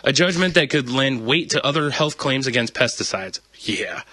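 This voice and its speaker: A man's voice: medium pitch, animated, normal speed, sharp tone, dry recording. A young man co-hosting a podcast, reading news stories and joking crudely, laughing often. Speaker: podcast co-host. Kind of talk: crude comedic news chat.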